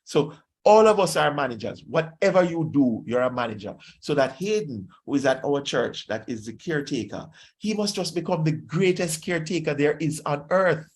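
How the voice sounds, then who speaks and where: A man's voice: on the high side, expressive, moderate pace. A pastor with a Jamaican accent preaching a sermon, exhorting his listeners and slipping into Patois phrases.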